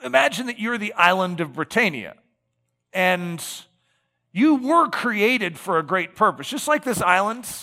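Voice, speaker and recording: A man's voice: high-pitched, sing-song, measured pace, pushed and bright, long reverb tail. A man preaching a sermon in a conversational way, often checking in with the congregation with tag questions like "okay?" and "right?".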